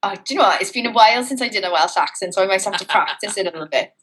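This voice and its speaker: A woman's voice: mid-range voice, animated, very fast, fairly bright tone, a little hiss or hum, rough recording. A woman with a British accent tinged with Australian, co-hosting a casual podcast in a chatty, self-mocking way. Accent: British with an Australian twang. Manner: chatty, self-mocking, frequent "you know". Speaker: co-host.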